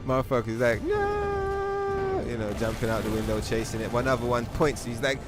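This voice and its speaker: A man's voice: medium pitch, level tone, quick pace. A man hosting a game livestream, riffing in casual, profane, mocking commentary. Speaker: livestream host. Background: music.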